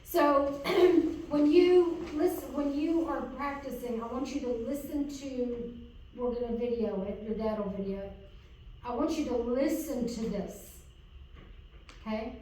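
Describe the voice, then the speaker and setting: A woman's voice: high-pitched, unhurried, warm tone, a little hiss or hum. Encouraging woman coaching, echoey room. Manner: encouraging, checks in with repeated "okay?". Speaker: sign language interpreter coaching a student. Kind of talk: hands-on coaching lesson. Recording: echoey room, far from mic.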